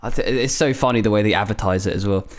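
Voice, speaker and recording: A man's voice: on the low side, racing, faint music behind. A man in his twenties, co-hosting a casual chat podcast, telling stories with swearing and laughter. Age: 20s. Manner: animated storytelling with swearing and laughter. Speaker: podcast co-host.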